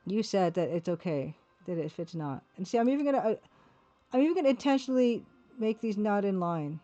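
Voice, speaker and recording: A woman's voice: medium pitch, expressive, brisk, mellow, dull audio. A woman with a Canadian accent, chatting casually and self-deprecatingly with her viewers while she works on pixel art. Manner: rambling, self-deprecating, talks to her chat. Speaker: artist streaming her work. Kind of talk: casual livestream chat while drawing.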